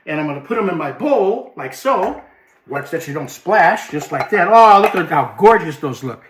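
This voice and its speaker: A chatty man, hosting a cooking demonstration in his home kitchen with lively exclamations. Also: on the high side, roomy sound. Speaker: cooking show host.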